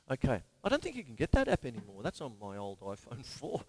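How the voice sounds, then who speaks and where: A man's voice: fairly low pitch, huge pitch swings, a little fast, faint music behind. An Australian man giving a live-streamed drum lesson in a chatty, digressive way, often laughing at himself. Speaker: drum teacher.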